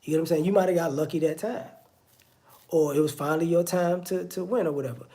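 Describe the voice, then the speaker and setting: This online commentator's voice is a little high and mellow, and he talks fast. His casual spoken monologue is conversational and repetitive, with "you know what I'm saying" coming up again and again.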